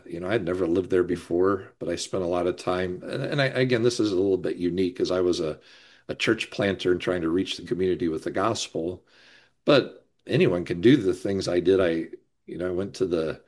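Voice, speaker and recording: A man who used to plant churches, speaking as a guest on a discussion panel in a thoughtful, unhurried way with gentle laughs. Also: deep voice. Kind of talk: casual discussion.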